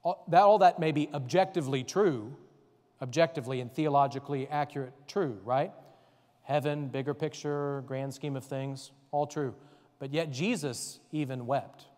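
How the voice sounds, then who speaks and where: A man's voice: medium pitch, normal speed, darkish tone, long reverb tail. A man serving as a deacon, teaching a faith formation class in an earnest, conversational way and often checking in with his listeners.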